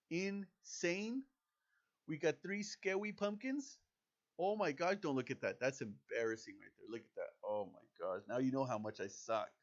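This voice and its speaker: A man chatting casually over a video game, excitable and self-deprecating. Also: on the high side, dull audio. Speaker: gaming YouTuber. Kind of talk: casual gameplay commentary.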